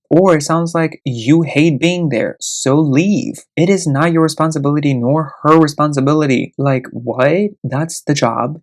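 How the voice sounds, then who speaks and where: A man hosting a casual show, reading online stories aloud and giving blunt, profane, indignant verdicts on them. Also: medium pitch.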